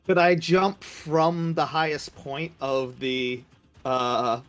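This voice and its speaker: A man playing a tabletop game, talking slowly and hesitantly as he plans his move. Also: on the high side, little pitch movement, a bit bright, clear, resonant tone, soft background music. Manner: slow, hesitant, unsure. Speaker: player.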